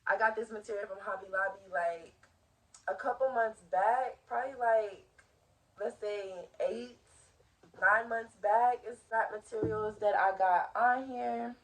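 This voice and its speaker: A woman's voice: a little high, steady tone, unhurried, distant mic. A young woman vlogging about her homemade fashion, chatty and bubbly, rambling with lots of fillers, her throat a bit scratchy. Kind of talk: casual DIY fashion vlog.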